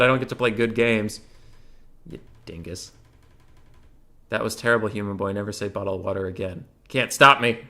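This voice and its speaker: This gaming Q&A host is a man whose fairly low voice comes across pushed and bright. He reads questions sent in by the community and answers them briefly, jokingly and casually.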